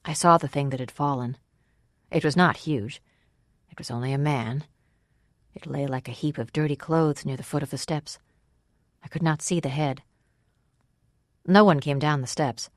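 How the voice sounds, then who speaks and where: Measured audiobook narrator, dry studio sound. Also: medium pitch, dry recording. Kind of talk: scripted narration.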